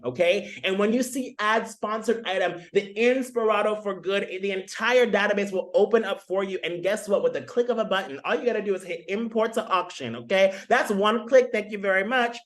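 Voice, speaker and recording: A man's voice: high-pitched, fairly bright tone. A man hosting a webinar over a video call, exuberant and full of hype, calling everyone y'all. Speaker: webinar host.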